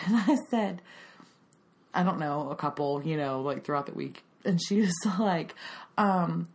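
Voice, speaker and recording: A woman, chatting casually. Her voice runs low but swings up and down with lively animation, and she laughs through her stories and acts out the other voices in them. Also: normal speed. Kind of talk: casual chat.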